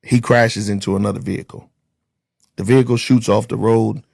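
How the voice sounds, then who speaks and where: A man with a low, heavily gravelly voice tells his story in a blunt, casual way. He swears freely and acts out what people said to him. His voice is husky, and the sound is dry and close. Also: fairly even intonation, moderate pace, darkish tone, dry recording. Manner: blunt, profane, acts out dialogue. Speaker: interview guest, former corrections officer.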